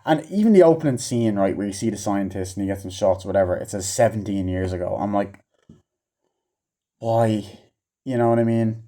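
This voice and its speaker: A movie reviewer delivers a casual, rambling rant about a film, full of swearing and fillers, raising his voice to act out lines from it. His voice is fairly low and warm, at a moderate pace.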